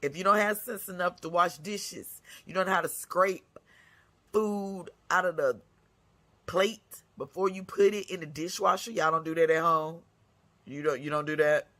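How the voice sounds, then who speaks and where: A woman's voice: on the low side, normal speed, fairly bright tone. Fierce, foul-mouthed woman ranting. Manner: blunt, scolding, heavy cursing. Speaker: segment host. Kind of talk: profane ranting monologue.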